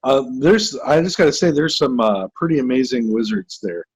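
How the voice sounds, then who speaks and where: A man co-hosting a live comedy stream, riffing with punchlines and quick silly voices. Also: medium pitch, expressive, husky, dry recording. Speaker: show co-host. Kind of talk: casual comedic banter.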